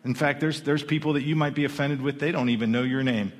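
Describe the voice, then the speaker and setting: A man's voice: mid-range voice, steady tone, quick pace. Guy preaching in church, talky, restarts a lot, long reverb off the hall. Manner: conversational preaching with repeated restarts. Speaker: pastor. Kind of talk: sermon. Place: church sanctuary.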